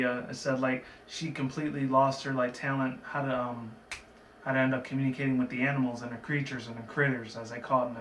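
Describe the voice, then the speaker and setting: A man's voice: mid-range voice, a bit bright. Rambling man recapping a cartoon. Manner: chatty, digressive, with frequent fillers and laughs. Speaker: cartoon episode reviewer. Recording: roomy, from a distant mic, faint background noise.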